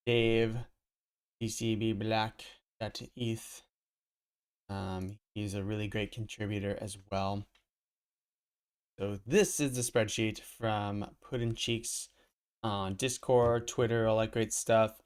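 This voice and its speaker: Rambling through a live stream at his computer, a crypto collectibles streamer thinks out loud in a casual way. His voice is smooth, lowish and steady, slow-paced with frequent pauses, captured on a desk mic.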